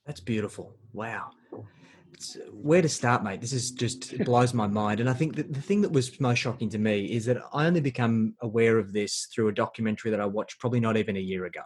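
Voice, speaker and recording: A man's voice: on the low side, fairly quick, darkish tone. A man hosting a podcast, who reacts with short amazed interjections and asks his guest questions. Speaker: podcast host.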